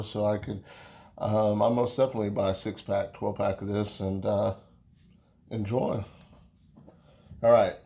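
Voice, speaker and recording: A man's voice: lowish voice, warm tone. A man casually reviewing a beer on camera, talking in a rambling, folksy way with many fillers and restarts. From United States.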